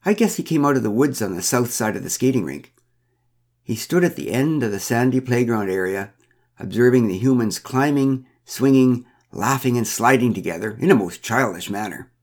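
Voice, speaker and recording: A man's voice: mid-range voice, animated, normal speed. A man reading a first-person story aloud with a wry, dryly humorous manner. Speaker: narrator.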